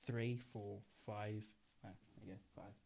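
A man's voice: on the low side, level tone, unhurried, vocal fry, a little mellow, slight background noise. A young man, co-hosting a podcast, rambling and giggling as he makes up a silly story. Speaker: podcast co-host. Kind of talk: casual podcast chat, improvised storytelling.

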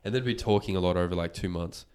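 Lower-pitched man telling a story. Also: fast talker, clean tone. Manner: animated retelling, swears freely, lots of "like". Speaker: podcast host. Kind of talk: casual storytelling chat.

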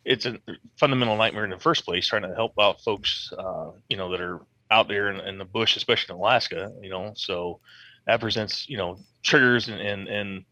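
Bright-voiced man in loose podcast chat. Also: on the low side, a little fast, no room sound. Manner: earnest, loose, lots of fillers and swearing. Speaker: podcast guest. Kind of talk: casual chat.

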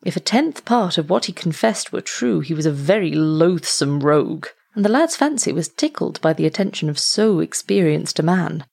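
A woman reading a story aloud as narrator, in a steady, measured way. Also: low voice, gravelly, husky. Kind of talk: audiobook reading.

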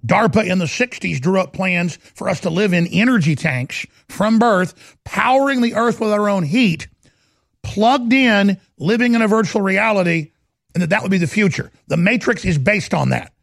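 A talk show host with a high, gravelly male voice and an urgent, hammering delivery. He rants in a dry, close sound and then pushes straight into a product pitch. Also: lively intonation, moderate pace, a bit bright, no echo. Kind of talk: ranting talk show monologue and ad read.

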